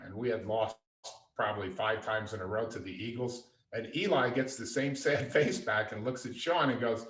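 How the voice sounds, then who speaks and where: A man telling stories as a guest in a podcast interview, lively and anecdotal. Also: lowish voice, moderate pace, hardly any pauses. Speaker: guest, father and entrepreneur. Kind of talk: conversational storytelling. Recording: echoey room, distant mic.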